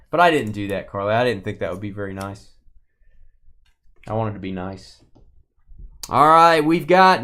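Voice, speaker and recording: A man's voice: medium pitch, fairly bright tone. A man hosting a live stream where he opens sports cards, chatty and joking, calling out viewers by name. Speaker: live card break host. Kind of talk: live stream chat while opening cards.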